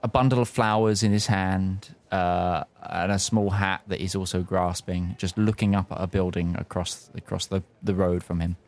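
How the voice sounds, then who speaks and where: A man running a tabletop game as its narrator, halting and full of restarts and chuckles. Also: deep voice, steady tone, darkish tone. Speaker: dungeon master.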